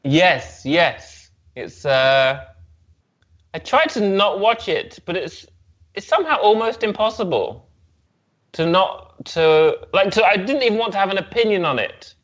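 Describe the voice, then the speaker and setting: A man's voice: high voice, very animated, measured pace, fairly bright tone. A male comedian chatting casually as an interview guest, rambling with restarts and laughs. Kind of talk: casual chat. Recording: slightly dull, muffled sound.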